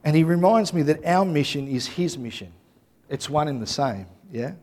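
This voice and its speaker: A man in his thirties or forties, a pastor preaching a sermon with animated, chatty storytelling and frequent tag questions. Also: fairly high pitch, normal speed.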